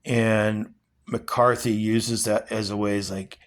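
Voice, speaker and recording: A man's voice: fairly low pitch, level tone, slow. A man reading a passage aloud, then reflecting on it in an earnest, rambling way. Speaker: vlogger.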